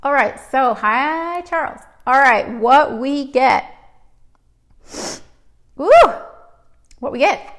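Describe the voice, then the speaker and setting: A woman's voice: high-pitched, slow pace, long pauses, a bit bright. A woman hosting a live stream, giving a chatty, emotional card reading, teary and sniffly. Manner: emotional, tearful and laughing, chatty.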